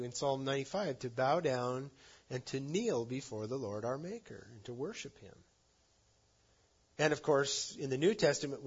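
A man preaching a sermon, earnest, rising to loud emphasis and dropping to soft endings. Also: medium pitch, breathy edge, dull audio. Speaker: pastor.

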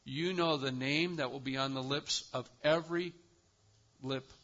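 A man's voice: mid-range voice, steady tone, measured pace, fairly bright tone, muffled recording. A man preaching a sermon as pastor, with an emphatic cadence that rises and falls.

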